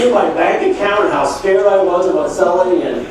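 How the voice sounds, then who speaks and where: A middle-aged man giving a motivational sales talk at a conference, telling folksy, animated stories. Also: high-pitched, fairly quick, few pauses, crowd noise. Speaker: sales trainer speaking at a conference. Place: conference hall. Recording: echoey hall from far off with faint noise.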